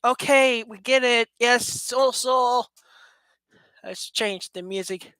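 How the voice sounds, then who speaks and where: Woman vlogger, goofy rambling home chat to webcam, bright, dry sound. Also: a little high, takes it slowly, no echo. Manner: playful, rambling, laughs often, jokes sarcastically. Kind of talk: casual chat to camera. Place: room at home with a fast fan running.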